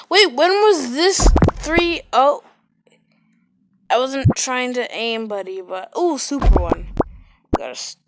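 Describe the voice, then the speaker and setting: A woman's voice: high-pitched, noisy background. A woman giving casual, sarcastic gameplay commentary into a close mic, with sudden exclamations. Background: loud game music.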